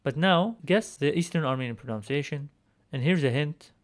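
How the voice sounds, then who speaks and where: A man teaching a recorded alphabet lesson, speaking patiently and repeating each word slowly so learners can follow. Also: a little high, lively intonation. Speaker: language teacher.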